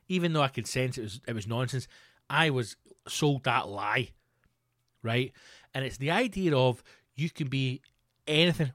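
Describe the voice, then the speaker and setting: A man's voice: medium pitch, a bit bright, dry recording, studio quality. A Scottish man hosting a podcast, ranting in a sweary, sardonic, casual way. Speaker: podcast host. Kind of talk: casual comedic rant.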